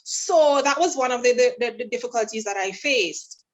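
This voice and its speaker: A woman's voice: a little high, normal speed, low-quality recording. A woman from St. Vincent and the Grenadines, a guest singer telling stories in a casual interview and acting out what others said. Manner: animated storyteller, acts out quoted dialogue.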